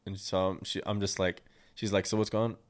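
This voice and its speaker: A man's voice: low voice, flat delivery, a little fast. A young man hosting his own podcast, telling a personal story in a blunt, crude, rambling way with plenty of swearing. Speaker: podcast host.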